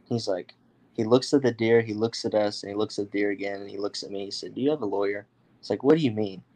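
This young American man rattles off a story at a quick pace, loose and animated, peppered with fillers. A guest storyteller with a slightly low voice, he imitates other people whenever he quotes them.

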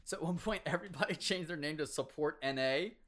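A man in his twenties casually telling stories about competitive gaming, animated, laughing often and acting out quotes. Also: on the high side, quick pace. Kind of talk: casual storytelling chat.

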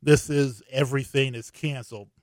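A man's voice: mid-range voice, fairly even intonation, moderate pace, no echo, clean studio sound. A man hosting a podcast alone, talking in a casual, rambling way with many fillers and restarts, getting worked up as he tells a story. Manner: gets worked up while telling an annoying story. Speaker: podcast host.

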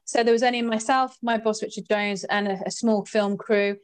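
A woman guest recounting a ghostly experience in a lively, expressive way, her voice jumping up in pitch at the dramatic moments. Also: moderate pace, clear, resonant tone. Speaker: guest storyteller. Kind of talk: animated anecdote telling.

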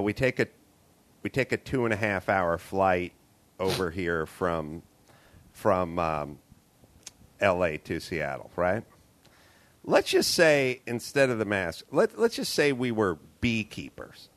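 A man's voice: low voice, animated, slow pace, pauses often. A man hosting a casual podcast, ranting and swearing as he tells a story and acts out the dialogue in it. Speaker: podcast host. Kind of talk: casual chat. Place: hotel room.

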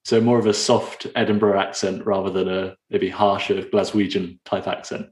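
A man's voice: low-pitched, little pitch movement, moderate pace. A British man co-hosting an interview, chatting in a friendly way with lots of "you know" and "kind of". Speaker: podcast co-host. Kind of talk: casual interview chat. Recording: echoey room.

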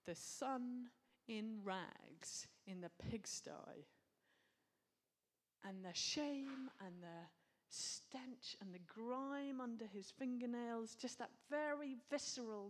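A woman's voice: a little high, takes it slowly. A woman preaching a sermon, earnest and reflective, with casual asides.

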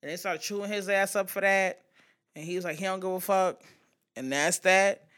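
A woman hosting a podcast in casual pop-culture chat, blunt and profane, acting out quotes with animated asides. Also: mid-range voice, normal speed, clean tone. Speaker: podcast host.

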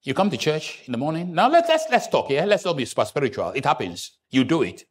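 Lively, joking male pastor preaching. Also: a little high, quick pace. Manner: animated, joking preaching with sudden loud rises. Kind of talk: sermon. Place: church.

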